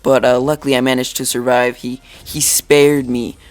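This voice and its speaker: A man's voice: medium pitch, little pitch movement, normal speed. A teenage boy telling a story from school in a casual vlog, rambling and joking, with lots of "like" and "dude". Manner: rambling, jokey, full of "like" and "dude". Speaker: YouTuber.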